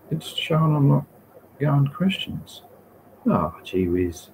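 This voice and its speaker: A man's voice: fairly high pitch, big pitch swings, takes it slowly, darkish tone, a little hiss or hum, low-quality recording. A man with an Australian accent hosting a live stream and answering chat questions in a laid-back, rambling way, with slang and the odd swear word. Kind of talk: casual live Q&A.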